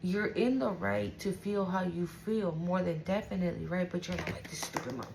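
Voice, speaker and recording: Poor audio with a bit of hiss or hum captures this woman's low, slightly mellow voice, touched with vocal fry and at a moderate pace. Doing an intuitive tarot reading for viewers, she's relaxed, emotional, profane, and repeatedly tags on "right?".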